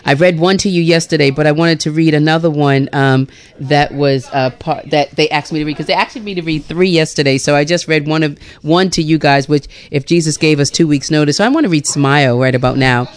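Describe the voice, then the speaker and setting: A woman hosting a radio talk show, effusive and quick to laugh, from Bermuda. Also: sits low. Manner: warm, effusive, laughing often. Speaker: radio host.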